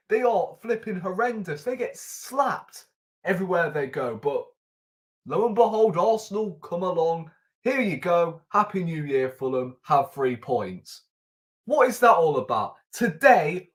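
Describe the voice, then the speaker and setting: Exasperated man ranting slowly. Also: a little high. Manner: exasperated, incredulous ranting with rhetorical questions. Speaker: football fan channel host. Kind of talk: live-stream match reaction rant. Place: at home in front of a camera.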